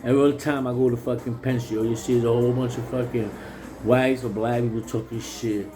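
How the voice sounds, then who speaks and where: Over music and with poor audio, a New York City local fires off a casual ranting monologue about his town, New City, heated, stammering, repetitive, and profane. He speaks fairly quickly in a medium-pitched, level voice.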